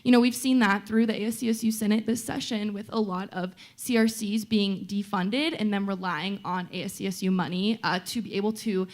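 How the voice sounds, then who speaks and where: A woman's voice: medium pitch, fairly even intonation, a little fast, hardly any pauses. A young woman, a student vice-presidential candidate, answering questions in a campus debate in a conversational way with frequent fillers.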